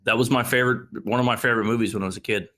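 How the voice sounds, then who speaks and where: A man's voice: mid-range voice, steady tone, very fast, pushed and bright. An American man hosting a podcast in casual, laid-back banter, swearing freely and trailing off with ums. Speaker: podcast host.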